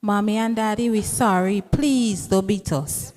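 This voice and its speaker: A woman's voice: medium pitch, measured pace, a little mellow, natural voice. A woman playing a whiny younger schoolgirl begging her parents. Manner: whiny, pleading. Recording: noisy distant stage mic.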